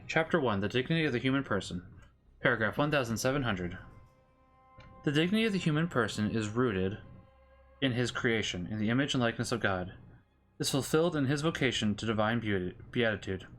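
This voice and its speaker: A man streaming a game, thinking aloud in a relaxed way and reading passages aloud plainly. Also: medium pitch, a little hiss or hum. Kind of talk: casual gameplay commentary and prayer reading.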